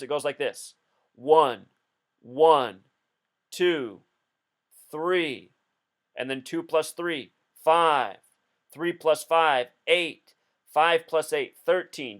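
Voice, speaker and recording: A man's voice: on the high side, fairly even intonation, unhurried, fairly bright tone. A man hosting a video, talking through a casual commentary in an insistent, explanatory way. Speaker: video host.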